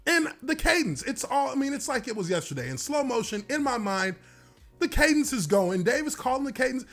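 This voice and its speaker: A man, a former football lineman, telling a story from his playing days in an animated way, swearing and laughing now and then. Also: high voice. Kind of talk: storytelling monologue.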